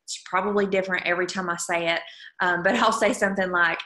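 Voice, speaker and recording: A woman's voice: fairly low pitch, flat delivery, quick pace, sharp tone, reverberant. A woman leading her sales team on a video call, chatty and upbeat, with frequent asides to her listeners. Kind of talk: casual coaching talk on a video call. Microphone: video call microphone.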